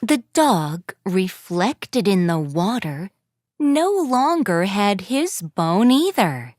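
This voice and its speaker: A woman narrating a children's story in a gentle, expressive way. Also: medium pitch, takes it slowly, dry recording. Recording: faint background music.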